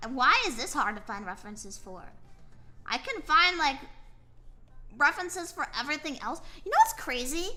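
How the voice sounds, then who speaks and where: A tired young woman streams as a VTuber, casually rambling while she draws and answers her chat. Her voice is high, bright, and forceful, with faint music playing in the background.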